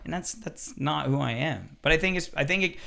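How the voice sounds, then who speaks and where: Swearing chef man, animated storyteller. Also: on the high side, brisk, vocal fry. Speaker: chef, podcast guest. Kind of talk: casual podcast chat.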